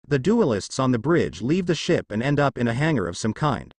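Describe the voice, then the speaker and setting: A man's voice: mid-range voice, very animated, a little fast, no echo. A man reading a fan fiction story aloud in a plain, matter-of-fact way.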